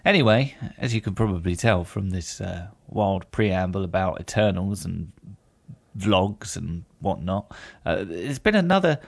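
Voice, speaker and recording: A man with a low, gravelly voice hosts a casual podcast chat. His humor is dry and self-deprecating. The sound is close and dry, with little room echo. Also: lively intonation, measured pace. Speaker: podcast host.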